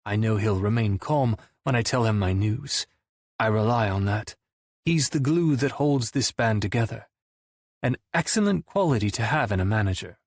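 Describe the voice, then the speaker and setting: A man narrating a first-person audiobook in a wry, deadpan manner. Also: on the low side, moderate pace, no echo, clean studio sound.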